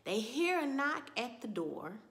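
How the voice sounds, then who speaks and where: A woman's voice: a little high, big pitch swings, a little slow, fairly bright tone. Chatty woman recapping TV. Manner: chatty storytelling, often slipping into quoted dialogue. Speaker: TV episode reviewer. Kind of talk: casual recap of a TV episode.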